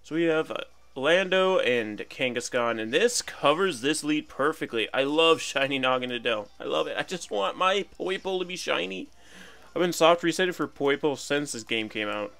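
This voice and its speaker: A man's voice: fairly high pitch, lively intonation, normal speed, creaky, a bit bright. A young man casually commentating his own battle game, chatty and playful, thinking aloud about each move. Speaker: gaming commentator.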